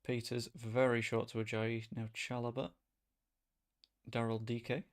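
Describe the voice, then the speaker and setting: A man chatting casually as he streams a football management game, rambling and breaking into sudden excited outbursts. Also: medium pitch, measured pace. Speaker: gaming streamer. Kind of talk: casual gameplay commentary.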